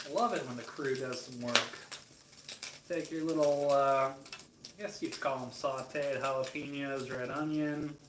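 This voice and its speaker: A man's voice: medium pitch, steady tone, a little slow. A man from Michigan talks through his cooking on a casual livestream, rambling and cracking jokes as he answers chat. His voice sits in a middling register and carries a roomy echo, with faint ambient noise underneath. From Michigan, USA. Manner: rambling, joking asides while answering chat. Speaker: cooking streamer. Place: hotel room kitchen.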